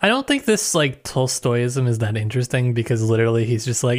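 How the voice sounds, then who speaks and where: A man's voice: mid-range voice, lively intonation, brisk. A man co-hosting a podcast, making wry, dismissive jokes about a novel. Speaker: podcast co-host. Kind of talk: casual book discussion.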